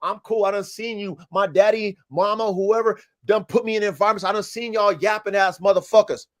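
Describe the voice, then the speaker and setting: A man's voice: high-pitched, fairly even intonation, brisk. A man hosting a casual livestream podcast about dogs, talking in a profane, emphatic, preaching way. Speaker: podcast host and dog breeder.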